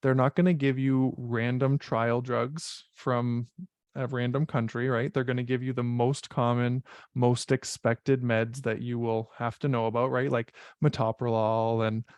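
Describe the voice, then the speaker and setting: A man's voice: medium pitch, little pitch movement, a little slow, a little mellow, clean tone, no echo, dull audio. A man teaching paramedic exam strategies in an online info session, speaking in a direct, coaching way and often checking in with "right?".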